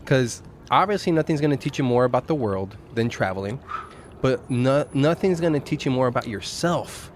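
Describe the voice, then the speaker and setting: A man's voice: mid-range voice, animated, normal speed. Male podcast host, reflective and philosophical in casual talk, faint traffic outside. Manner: reflective, muses on life and culture. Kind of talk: casual conversation. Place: outdoor restaurant patio at night.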